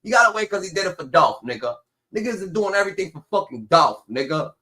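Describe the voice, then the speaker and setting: A man's voice: high-pitched, very animated, fast, bright, forceful tone. A man hosting a livestream, chatting casually and acting out voices in comic stories, swearing freely. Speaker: livestream host. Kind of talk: casual chat with comic storytelling.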